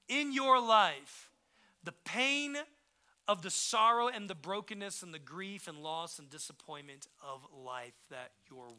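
A male pastor delivering an impassioned sermon in a high, sharply bright voice. He drops to near-hushed tenderness, then climbs to forceful emphasis. Casual asides and quick restarts keep it conversational.

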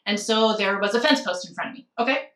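A woman's voice: medium pitch, expressive, fast, a bit bright, roomy sound, recorded from a distance. A woman candidly telling a personal story of grief, reflective and at times tearful. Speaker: guest sharing a personal story.

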